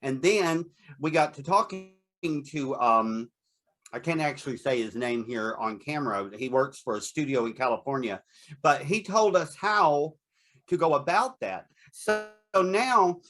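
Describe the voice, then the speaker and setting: A man's voice: fairly high pitch, a bit bright. A man being interviewed about his horror hosting show, chatty and candid, laughing often as he talks. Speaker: guest, horror host performer. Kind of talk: casual interview.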